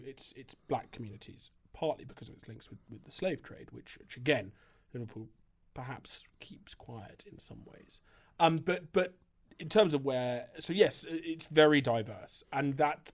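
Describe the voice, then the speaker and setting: A man who is a priest and writer, answering interview questions in a thoughtful, discursive way, with frequent hesitations and restarts. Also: mid-range voice. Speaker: priest and writer, podcast guest.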